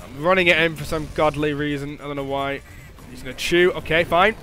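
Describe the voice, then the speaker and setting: A young man giving excitable gameplay commentary, swearing and shouting at the game. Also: a little high, a little fast, soft background music. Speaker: gaming commentator.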